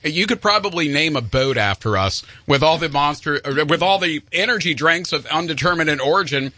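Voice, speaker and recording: A male rock radio host with a bright, slightly high voice, bantering loosely with his co-host and tripping over words as he jokes. The sound is dry and close, straight from a studio mic. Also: expressive, dry recording. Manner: joking, stumbling over words, quick laughs. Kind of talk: casual morning radio banter. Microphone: studio microphone.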